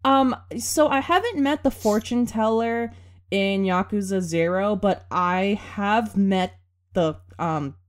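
A woman in casual chat about a video game, thoughtful and measured, getting high and giggly when amused. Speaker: co-host discussing a video game.

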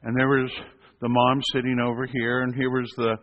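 A man delivers a storytelling sermon, animated and acting out the voices of the people in it. His voice echoes through a long, reverberant hall on a dull, lo-fi recording. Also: medium pitch, moderate pace. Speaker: hospital chaplain telling a story.

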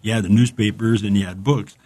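A low-pitched man talks about books in a loose, chatty way. He wanders from thought to thought, full of enthusiasm, and sometimes stops to read a passage aloud. His tone stays conversational throughout. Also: fairly even intonation, brisk, warm tone. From United States. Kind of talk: casual chat about books.

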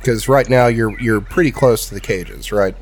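A man running a tabletop game as game master, narrating the scene in a calm, measured way with occasional fillers. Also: medium pitch, faint music behind.

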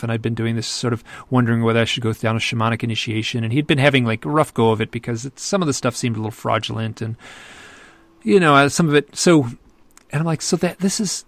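Podcast guest: gravelly male author, dry close mic, lively rambling anecdotes. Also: medium pitch, dry recording. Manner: animated, rambling with many restarts. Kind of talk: conversational storytelling.

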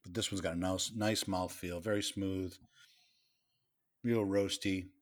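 A man from Worcester, Massachusetts, talks beer with his co-hosts. His voice sits very low, and he speaks in a relaxed, halting way, pausing often to find his words. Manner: relaxed, halting, lots of uh fillers. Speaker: podcast co-host. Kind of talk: casual chat.

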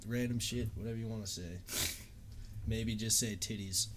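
A man's voice: on the low side, fairly even intonation, normal speed, slight background noise. Laid-back young guy telling stories. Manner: laid-back, swearing, laughing storyteller. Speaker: livestream host. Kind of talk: casual chat.

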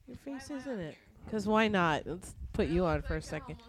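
A woman's voice: on the low side, lively intonation, moderate pace. A woman co-hosting a podcast, chatting casually in a blunt, crude, teasing way. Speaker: podcast co-host. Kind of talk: casual chat.

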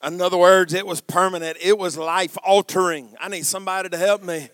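Pastor, sermon delivery, very high and clear voice, call-and-response, builds to shouts. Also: male voice, steady tone, fairly quick, dry recording, clean studio sound. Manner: preaching with call-and-response asides, swings from quiet to shouting.

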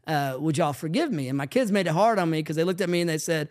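A man co-hosting a podcast, telling family stories in a lively casual chat. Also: a little high, fast. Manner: animated storyteller acting out quoted family lines. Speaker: podcast co-host, family ministry leader.

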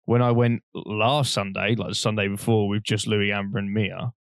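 A man's voice: on the low side, level tone, moderate pace, dry recording, clean studio sound. A young man, co-hosting a podcast and telling a long, rambling story in casual chat, laughing often and swearing freely. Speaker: podcast co-host.

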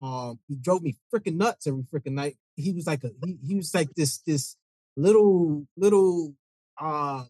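A man on a podcast, telling a story in casual chat and halting over many fillers. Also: fairly high pitch, mellow, no echo, low-quality recording. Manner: halting, filler-heavy talk. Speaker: podcast co-host.

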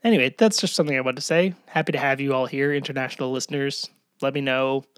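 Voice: mid-range voice, fast, clear, resonant tone, no echo, clean studio sound. A podcast co-host in casual chat, talking chattily and laughing often.

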